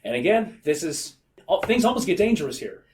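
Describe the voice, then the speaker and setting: Man, casual comedic podcast chat, reads passages aloud with silly voices, fairly high voice. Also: very animated, fairly quick, darkish tone, a little hiss or hum. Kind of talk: casual comedic book discussion.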